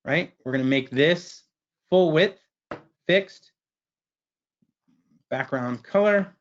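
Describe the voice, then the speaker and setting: A man presenting a webinar, walking through a software screen share in a casual way and tagging his sentences with "right?". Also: on the high side, slow pace, highs cut off. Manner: casual, keeps asking "right?".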